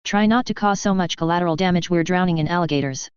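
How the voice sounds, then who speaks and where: Curt older wizard mentor giving orders, as a woman reads him; low, dry, close audiobook sound. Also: fast talker, clear, resonant tone, no echo, natural voice. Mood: commanding. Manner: curt, commanding. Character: gruff older male wizard mentor with bad leg. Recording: dull lo-fi recording.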